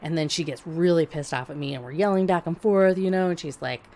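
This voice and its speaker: A woman on a podcast telling a story in casual chat, blunt and profane, animated and laughing as she talks. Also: low voice, a little fast. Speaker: podcast co-host.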